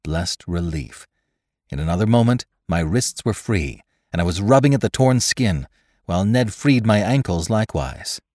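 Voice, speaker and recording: A man narrates an old adventure tale in a measured, expressive manner. His voice is on the low side and moves through a lively pitch range. The recording is close and dry. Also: no room sound. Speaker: audiobook reader. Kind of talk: scripted narration.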